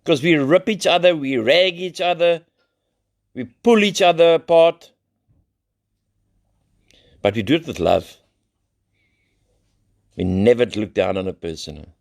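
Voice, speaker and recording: A man's voice: a little high, lively intonation, a little slow, pauses often. A middle-aged South African man, founder of a recovery center, sharing his story in a loose, rambling way, blunt and full of slang and swearing. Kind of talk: live recovery share, casual storytelling.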